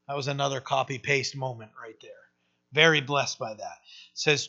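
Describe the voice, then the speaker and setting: A medium-pitched male voice, gravelly, pushed and bright, moves at a moderate pace through a conversational sermon. He frequently asks his congregation "right?" and poses rhetorical questions, captured in a dull lo-fi recording.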